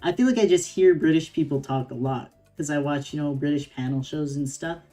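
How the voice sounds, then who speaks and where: A woman's voice: low-pitched, a little fast, dark tone, faint music behind. A young woman streamer reading a game story aloud with giggly, chatty reactions.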